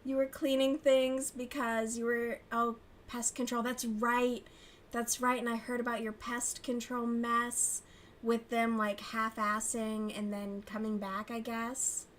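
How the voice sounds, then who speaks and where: A woman's voice: a little high, level tone, measured pace, a bit bright, slight background noise. Chatty, cussing young woman streamer. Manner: profane, gossipy, laughs often. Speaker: crochet livestream host. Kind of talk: casual chat with chat readers.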